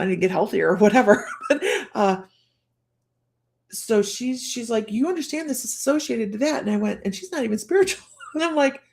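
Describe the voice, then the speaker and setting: A woman psychic chats on her livestream in a heavily gravelly, fry-laden voice. She rambles through a personal story, restarting her sentences and laughing often. Her pitch sits in an ordinary middle range. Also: a little mellow. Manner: restarts and trails off while telling a story. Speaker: psychic host of a live stream.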